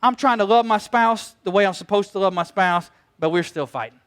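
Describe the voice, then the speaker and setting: High-pitched animated pastor. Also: male voice, brisk. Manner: storytelling, animated, acts out quoted voices. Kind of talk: sermon.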